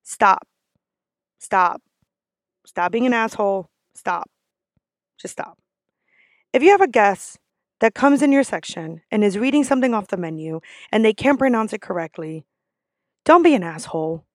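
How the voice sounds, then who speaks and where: A woman's voice: medium pitch, lively intonation, moderate pace, long pauses, no echo, clean studio sound. A woman who works as a restaurant server, ranting in a casual vlog, blunt and sassy with lots of swearing.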